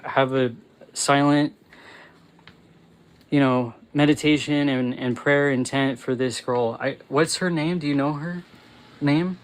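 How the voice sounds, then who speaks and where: A man hosting a live stream, ranting angrily and swearing, breaking into yelling, often restarting his phrases mid-sentence while reading and answering chat messages. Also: medium pitch, low-quality recording. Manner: angry, swearing, yelling in bursts. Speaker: livestream host.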